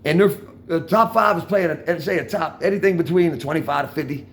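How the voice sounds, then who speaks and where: Older DC man, gravelly, loose and profane, talks to the camera outdoors, "man" and "y'all" in every line. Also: fairly high pitch, brisk, a bit bright, a little hiss or hum. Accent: Washington DC. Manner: rambling, profane street talk with constant "man" and "y'all". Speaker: vlogger talking to viewers. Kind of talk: casual storytelling monologue. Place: outdoors on a street corner.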